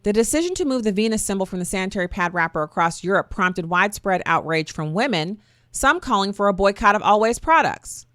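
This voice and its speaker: A woman's voice: medium pitch, animated, brisk, fairly bright tone, dry recording, studio quality. A middle-aged woman hosting a talk radio show, chatty and sarcastic with folksy asides. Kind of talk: opinionated talk radio monologue.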